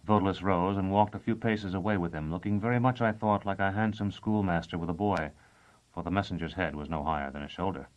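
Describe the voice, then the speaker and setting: A man with a low voice reads a novel aloud in the first person, in even, deliberate storytelling. The recording is dull and lo-fi. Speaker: audiobook narrator. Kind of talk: first-person scripted narration.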